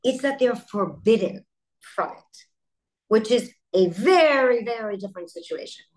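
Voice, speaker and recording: A middle-aged woman, a company founder, speaking as a guest in an interview and telling stories in an animated way with quick asides. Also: a little high, rough recording. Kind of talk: interview conversation.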